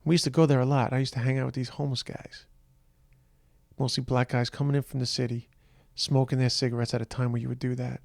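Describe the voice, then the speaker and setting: Tired man with a gravelly voice. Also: medium pitch, little pitch movement, a little mellow, no room sound, studio quality. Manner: tired, reflective, halting. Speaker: podcast host. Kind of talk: personal monologue.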